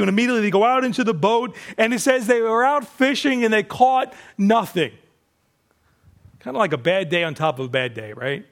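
A man preaching a sermon, animated, acting out the disciples' voices and dropping to a hushed, slow voice for emphasis. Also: high voice. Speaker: pastor.

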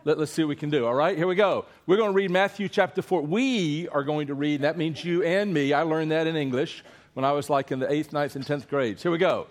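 A man's voice: on the high side, fairly quick, hardly any pauses. A man, a preacher giving a sermon and coaxing his congregation to read scripture aloud with him. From Eastern North Carolina. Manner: playful, coaxing the congregation, then hushed and earnest. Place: church before a congregation.

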